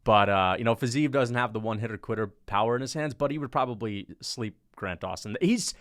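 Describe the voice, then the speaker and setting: A man's voice: mid-range voice, brisk, fairly bright tone, dry recording, clean studio sound. A man hosting his own channel, casually ranking fighters, thinking aloud, changing his mind mid-sentence and swearing now and then. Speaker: MMA commentator and channel host.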